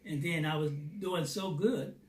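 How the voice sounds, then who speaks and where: A man's voice: fairly high pitch, unhurried. Man telling a testimony from a distant mic. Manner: lively storyteller who acts out dialogue. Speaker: Christian theater founder. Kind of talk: personal testimony storytelling. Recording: roomy, distant mic, faint noise.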